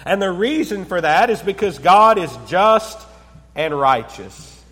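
A man delivers a sermon in a voice pitched well above most men's, and the room carries a long, ringing reverb. He pauses for effect and sinks to a near-hush on his key points. He keeps asking the congregation rhetorical questions. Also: expressive. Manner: preaching with dramatic pauses, dropping to a low hush on key words. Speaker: pastor.

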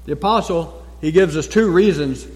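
Man, pastor, sermon, emphatic repetition, dramatic pauses, long church reverb. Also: fairly high pitch. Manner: emphatic, repeating key phrases with dramatic pauses.

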